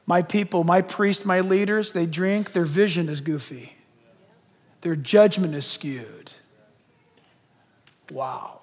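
Animated high-voiced pastor in a reverberant hall. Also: male voice, slow, long pauses. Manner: animated, joking, acts out quoted voices. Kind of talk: lively sermon. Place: church auditorium.

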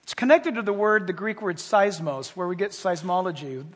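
A man preaching a sermon, animated and playful, acting out little scenes and dropping into whispers for effect. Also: high voice, normal speed. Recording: hall reverb, from a distance.

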